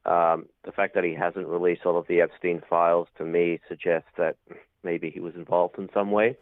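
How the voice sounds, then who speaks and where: A man calls in over a thin, dry phone line. His voice is deep and flat, and he gives his views at a measured pace, filling pauses with uh and um. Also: no room sound. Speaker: caller. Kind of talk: call-in opinion.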